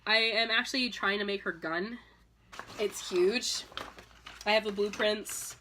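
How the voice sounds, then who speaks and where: A slightly tipsy woman chatting casually, rambling with lots of "like" and "um" and breaking into loud excited squeals. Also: mid-range voice, a little slow, slight background noise. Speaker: vlogger. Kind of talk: casual tipsy chat about a video game.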